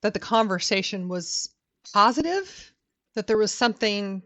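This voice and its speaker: A woman's voice: medium pitch, animated, moderate pace, a bit bright. A woman playing in a tabletop game, talking through her thoughts in a rambling, thoughtful way. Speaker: player. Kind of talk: casual tabletop role-play. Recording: muffled lo-fi mic.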